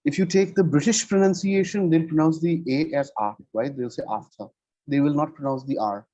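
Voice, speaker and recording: A man's voice: on the high side, a little fast, warm tone, dry recording, muffled recording. A man giving a one-on-one English lesson over a video call, explaining patiently and checking in with "right?" after nearly every point. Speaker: English tutor.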